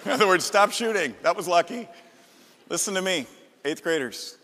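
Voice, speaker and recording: Brief: emotional male pastor preaching, sharp bright tone ringing through a reverberant sanctuary. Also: high voice, expressive, moderate pace. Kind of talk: sermon. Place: church sanctuary. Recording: reverberant hall.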